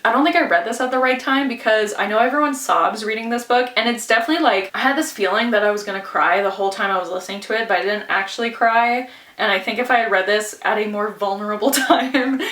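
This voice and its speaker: A book vlogger chats casually on her reading vlog, giggling often and scattering "like" and "anyways" throughout. Her mid-range voice has a fairly bright tone and sounds slightly out of breath. The mic is distant, so she sits a little back from it with a roomy echo around her.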